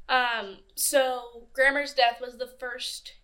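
A young woman with a high, bright voice co-hosts a true-crime podcast in relaxed chat. She tells her case casually and drops dry, sarcastic one-word remarks. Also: a little slow. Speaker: podcast co-host.

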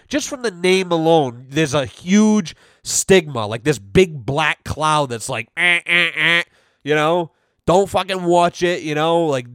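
A man's voice: on the high side, no room sound, studio quality. A young adult man hosting a podcast, telling a rambling, profanity-filled story in casual chat. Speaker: podcast host.

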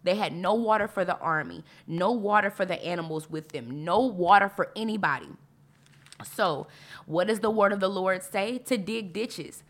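A woman's voice: medium pitch, moderate pace. A woman hosting a podcast who reads Bible passages aloud and explains them in a conversational, enthusiastic way, repeating phrases for emphasis. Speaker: podcast host. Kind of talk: devotional Bible teaching.

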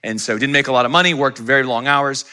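A man in his forties preaching a sermon, telling personal stories in a conversational, animated way. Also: mid-range voice, fast, clean tone. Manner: conversational, animated storytelling with quoted voices. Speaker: pastor.

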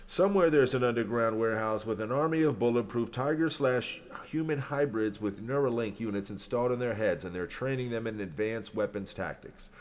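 A man hosting a podcast alone, rambling and joking with lots of swearing, then freestyle rapping. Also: fairly low pitch. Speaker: podcast host. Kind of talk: casual solo commentary and freestyle rap.

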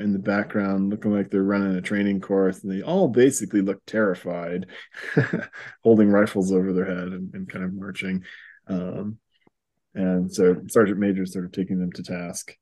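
A man hosting a podcast, recapping a comic in a casual chat, chuckling often and filling pauses with ums. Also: on the low side, warm tone. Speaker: podcast host.

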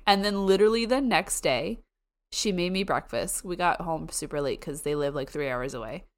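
A young woman from the United States co-hosting a podcast, chatting casually and excitedly with quick asides and frequent laughs. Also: fairly low pitch. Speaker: podcast co-host. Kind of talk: casual chat.

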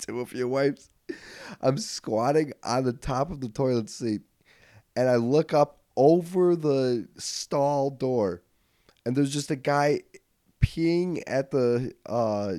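A man spins a comic story on a podcast mic, his pitch sitting in the middle range for a man. He drops to mutters, then bursts into loud rants, swearing easily and laughing along the way. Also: slow pace, no echo, studio quality. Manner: animated, swings from mutters to yelling. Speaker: podcast host. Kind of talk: comedic storytelling. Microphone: podcast studio mic.

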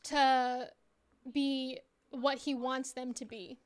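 Woman co-host, high voice, lilt, chatty animated podcast recap. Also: slow, clear, resonant tone. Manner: chatty, animated storyteller with fillers. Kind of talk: casual recap chat.

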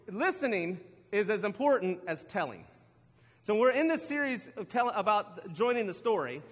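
A middle-aged man preaches from the stage. His voice sits high, and the church hall rings with long reverb. He talks loosely and laughs at himself, often stumbling and starting sentences over. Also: fairly bright tone. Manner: chatty, self-deprecating, laughs often, restarts a lot. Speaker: pastor. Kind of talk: sermon with storytelling. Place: church auditorium.

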